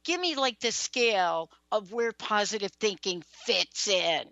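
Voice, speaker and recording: A woman hosts a radio talk show, asking questions in a chatty, animated way. Her voice sounds a little dull, without full brightness. The sound is dry and close. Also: mid-range voice, a little slow, dry recording. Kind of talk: radio interview.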